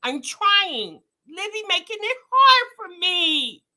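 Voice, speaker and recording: A woman hosting a reaction show, commenting with loud, teasing exclamations. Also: extremely high pitch, sing-song, slow.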